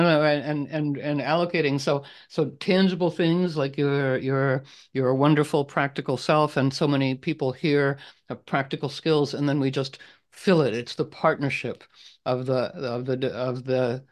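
A man hosts a loose group chat over a video call. He wanders through his thoughts, restarting sentences and clearing his throat often. His pitch sits in a middle range. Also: steady tone, moderate pace. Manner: rambling, repetitive restarts, frequent throat clearing. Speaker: group leader.

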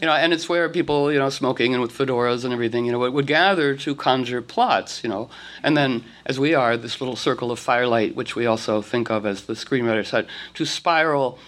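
A man's voice: medium pitch, brisk, a bit bright. A man leading a casual talk for a group, rambling with many fillers and restarts, often laughing. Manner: rambling, full of "you know" and restarts, laughing.

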